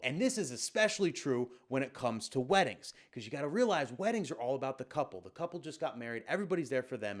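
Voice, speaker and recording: A male DJ talks straight to camera in a casual tutorial. He is blunt, emphatic and slangy, and his slightly high voice swings with lively, animated inflection.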